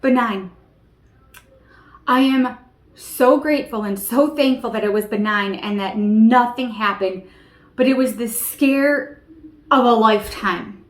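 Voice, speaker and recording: A woman in her thirties speaks to her viewers in an earnest, emotional way, often reaching for "you know" and "like". Her voice sits fairly high, and the room around her rings with echo. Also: measured pace. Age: 30s. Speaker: vlogger. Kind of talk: personal storytelling to camera.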